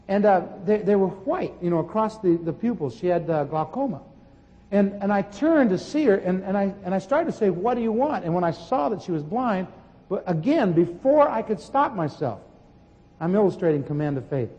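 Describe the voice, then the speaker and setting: A man preaching a sermon and telling healing stories in an animated way, with sudden shouts. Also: high-pitched, moderate pace, dull audio. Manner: animated storytelling, bursts of shouting. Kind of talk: sermon teaching with testimony. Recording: long hall reverb.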